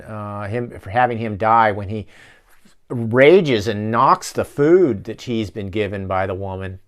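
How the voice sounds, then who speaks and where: A gravelly, low-leaning male voice belongs to the host of a casual movie-riffing show recorded in his office. He rambles and rants, swearing freely.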